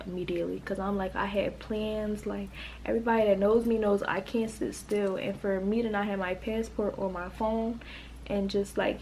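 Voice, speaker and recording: A woman's voice: medium pitch, vocal fry, darkish tone, a little hiss or hum, rough recording. A woman in her late teens from the United States, telling an emotional storytime in a rambling way, full of "like". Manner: emotional, rambling, heavy use of "like". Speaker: vlogger. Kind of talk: storytime vlog.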